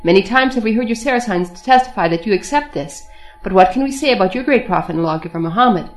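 A woman reading the lines of captive male saints who answer calmly and firmly, reasoning from scripture. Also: medium pitch, fast talker, faint music behind, lightly acted. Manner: calm, reasoning, quoting scripture. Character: captive male Christian saints, calm and firm.

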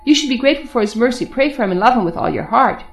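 Brief: woman reader doing harsh male jailer-officer, scoffing, slightly high voice. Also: animated, very fast, gravelly. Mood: scornful. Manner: scornful, challenging.

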